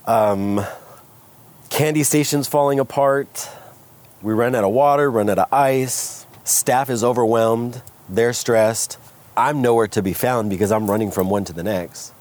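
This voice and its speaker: A man from California, a guest entrepreneur, candidly telling his story with animated retellings of what people said. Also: mid-range voice, a little slow. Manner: animated, acts out quoted voices. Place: outdoors by a smoky fire.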